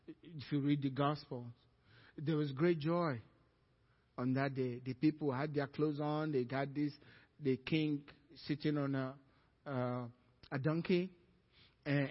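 A male pastor preaching a sermon, swinging from loud fervent peaks to low, quiet storytelling. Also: fairly even intonation, measured pace, long reverb tail, muffled recording.

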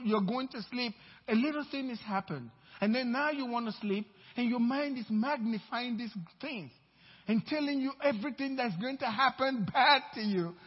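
Delivering a sermon in a church sanctuary, a male preacher with a slightly rough voice swings emphatically from booming proclamations to quiet asides. The recording sounds dull and echoes like a church hall.

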